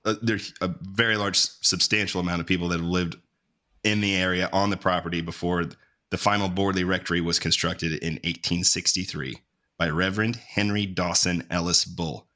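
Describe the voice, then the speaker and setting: A low-pitched man with a bright, forceful tone, co-hosting a podcast. He tells the story in a laid-back way, joking and swearing as he goes. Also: fairly even intonation, moderate pace. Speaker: podcast co-host. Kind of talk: casual podcast chat and storytelling.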